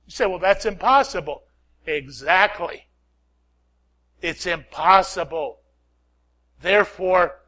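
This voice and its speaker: High-voiced, slow-paced male preacher. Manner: preaches with swings from loud calls to hushed prayer; repeats lines and asks the crowd "Amen?". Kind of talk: sermon.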